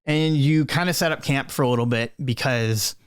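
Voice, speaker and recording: A man narrating a tabletop role-playing game as game master, relaxed and full of ums. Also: mid-range voice, normal speed, clean tone.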